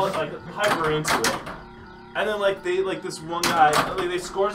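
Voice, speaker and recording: A man's voice: sits high, steady tone, moderate pace, reverberant, over loud music. A man hosting a casual livestream chat, telling a long story with many fillers and frequent laughs. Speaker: show host. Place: pinball arcade or game room. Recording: distant mic, loud arcade noise.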